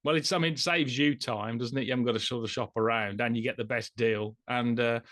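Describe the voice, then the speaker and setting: A man interviewing a fund manager, conversational, with quick agreeing interjections. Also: mid-range voice, steady tone, fairly bright tone, no room sound, studio quality. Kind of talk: investment interview.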